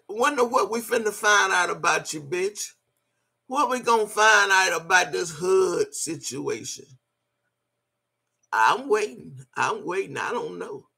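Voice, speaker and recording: A woman's voice: on the low side, creaky, a bit bright, husky. An older woman in a casual vlog rant, profane and mocking, breaking into laughter often. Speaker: vlogger.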